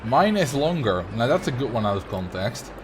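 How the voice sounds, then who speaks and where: A man's voice: mid-range voice, very animated, moderate pace, noisy background. A man with a Dutch accent giving casual, joking commentary while livestreaming a game. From Netherlands. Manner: chatty, laughs often, jokes about words.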